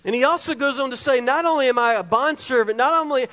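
A man's voice: very high-pitched, quick pace, a bit bright. A middle-aged man preaching a sermon as pastor, emphatic and repeating his key phrases to the congregation. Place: church sanctuary. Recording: long reverb of a hall.

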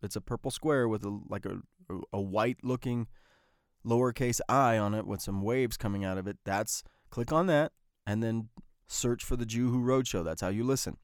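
A man's voice: on the low side, normal speed, clear, resonant tone, dry recording, studio quality. A man hosting a solo podcast, talking casually and rambling, with many fillers and restarts. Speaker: podcast host.

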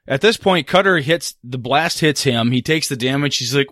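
A man narrating as game master of a tabletop role-play game, animated and full of fillers. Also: medium pitch, moderate pace, few pauses, dry recording, studio quality.

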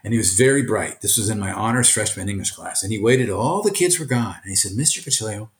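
An older man from Brooklyn, a retired teacher and author, answering interview questions earnestly, often halting and restarting. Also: lowish voice, lively intonation. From Brooklyn, USA. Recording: echoey room.

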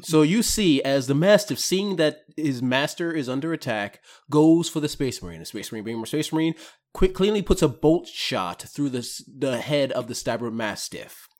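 Lively game master narrating. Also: male voice, medium pitch, moderate pace. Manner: lively narration, laughing often. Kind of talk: narrating a tabletop role-playing game.

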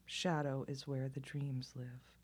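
A woman voicing a calm male lizard who dreams, speaking softly and slowly in a storybook reading. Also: a bass voice, slightly rough, exaggerated voice. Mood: knowing. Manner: soft, slow, knowing.

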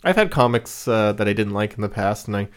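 A man's voice: lowish voice, lively intonation, brisk, smooth. A man co-hosting a podcast, chatting casually, rambling with lots of fillers and laughing often. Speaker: podcast co-host.

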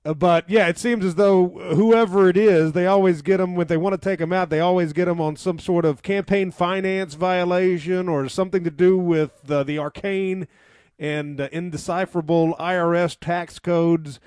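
A man speaking as a guest on a talk radio show, wry and measured. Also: sits high, fairly even intonation, a little mellow, clear, resonant tone, dry recording.

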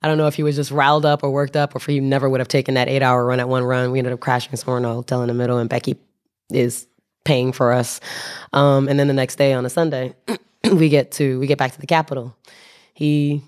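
A man's voice: medium pitch, little pitch movement, fast. Guy telling a rambling travel story, lots of restarts, wry and amused. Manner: rambling, self-correcting, wry, acts out voices. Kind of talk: casual spoken anecdote.

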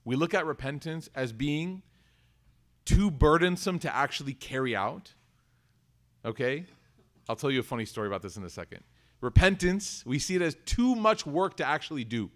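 Lively man teaching a religious class. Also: on the high side. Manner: conversational, acts out quoted voices, asks the audience. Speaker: Islamic teacher. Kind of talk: lecture on scripture.

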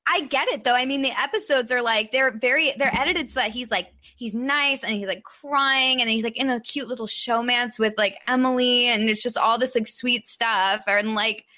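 Bright-voiced young woman chatting. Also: on the high side, normal speed, few pauses. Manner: chatty, lots of fillers, quotes others. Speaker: podcast guest, former player. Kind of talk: casual recap chat.

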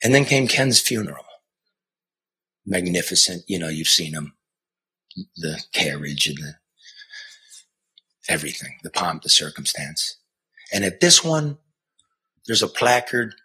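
A middle-aged man, a former TV news reporter, telling a personal story in an earnest, conversational way, moving from hushed to impassioned. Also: sits low, big pitch swings, unhurried, long pauses. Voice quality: raspy. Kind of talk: earnest spoken storytelling and banter.

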